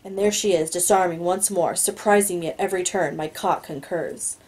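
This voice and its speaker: A woman's voice: on the low side, steady tone, moderate pace, darkish tone, poor audio. A woman reading a novel aloud, stumbling on words now and then and adding her own asides. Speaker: reader.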